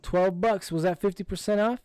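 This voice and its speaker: A man's voice: sits high, moderate pace, darkish tone, no room sound, studio quality. A man hosting a casual livestream, reading viewer comments aloud and answering them in an easygoing way. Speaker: livestream host.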